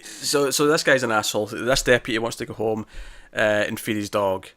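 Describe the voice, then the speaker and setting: A man co-hosting a casual TV review podcast, talking in an animated, exasperated way and swearing now and then. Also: lowish voice, fairly quick. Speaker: podcast co-host.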